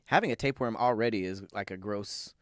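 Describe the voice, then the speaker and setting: Man, podcast co-host, lowish voice, relaxed banter, reads facts aloud, dry close mic. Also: fast, smooth, no room sound. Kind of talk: casual chat.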